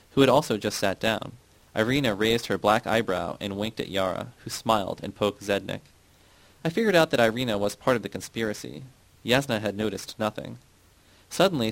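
A man reading first-person audiobook narration in a steady, measured way, close to the mic. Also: fairly low pitch, creaky, no echo, rough recording.

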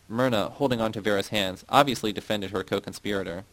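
A man reads a novel aloud in the first person, steady and even. His voice sits somewhat low. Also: quick pace, few pauses, no room sound, poor audio. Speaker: narrator. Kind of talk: audiobook narration.

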